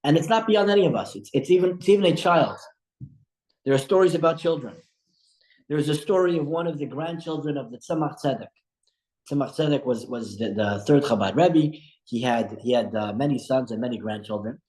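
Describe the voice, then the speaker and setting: A man teaching a religious study class as a rabbi, telling stories in an animated way with frequent restarts. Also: medium pitch, brisk. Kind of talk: storytelling religious lesson. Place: room at a breakfast study group. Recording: echoey room.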